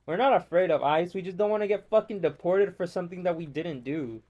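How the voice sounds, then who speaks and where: Brief: slightly high-voiced American man, casual gameplay chat, profane and ranting. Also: fairly quick, a little mellow, highs cut off. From United States. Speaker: gamer.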